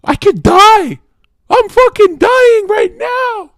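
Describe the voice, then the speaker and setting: A man voicing an anxious woman who spirals into panic, in a shrill voice. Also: lively intonation, takes it slowly, fairly bright tone, no room sound, clean studio sound, full character voice. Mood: panicked.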